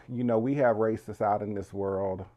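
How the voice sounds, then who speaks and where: Man, channel host, low voice, mellow tone, chatty. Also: steady tone, moderate pace. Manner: chatty, keeps calling viewers "y'all". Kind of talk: casual video commentary.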